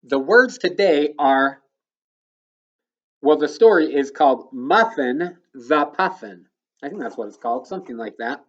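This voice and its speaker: A male elementary school teacher giving a recorded phonics lesson to children, patiently explaining step by step and sounding words out slowly. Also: on the high side, animated, fairly bright tone, highs cut off.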